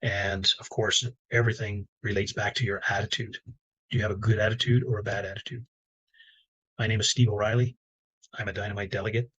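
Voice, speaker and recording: A man giving a relaxed, conversational talk as a business coach, with frequent fillers. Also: on the low side, brisk, slightly rough, dull audio. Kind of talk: instructional talk to camera.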